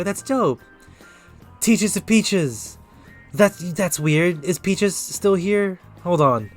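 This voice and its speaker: A man's voice: sits high, slow pace, a bit bright, faint music behind. A man giving a casual tarot reading on a live stream, chatting loosely and directly with his viewers. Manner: chatty, talks straight to chat viewers, loose and upbeat.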